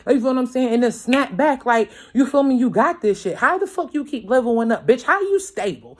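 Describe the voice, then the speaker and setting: Slightly high-pitched and animated, she talks a little fast. The speaker is a mother, young adult to middle-aged, reading tarot casually at home late at night, swearing heavily and speaking bluntly and emphatically. She checks in with viewers nonstop with "you feel me," her volume rising as she gets worked up.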